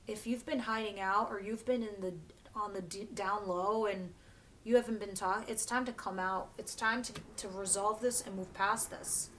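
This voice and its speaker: A woman's voice: mid-range voice, slight background noise. Chatty woman giving a blunt tarot reading. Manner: chatty and blunt, with filler words and self-corrections. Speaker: tarot reader. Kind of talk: casual tarot reading to camera.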